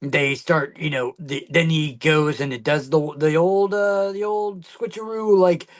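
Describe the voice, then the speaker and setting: A man co-hosting a podcast in loose, casual conversation. His voice sits a little high for a man, and he rambles, restarts and leans on fillers as he goes. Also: fairly even intonation, unhurried. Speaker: podcast co-host. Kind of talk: casual chat.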